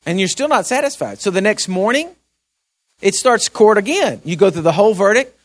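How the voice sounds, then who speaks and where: Man, pastor, sermon, high voice, earnest, hushed then rising, repeats himself. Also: lively intonation, brisk. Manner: earnest preaching, swings from hushed storytelling to raised exhortation; repeats words and restarts when pressing a point.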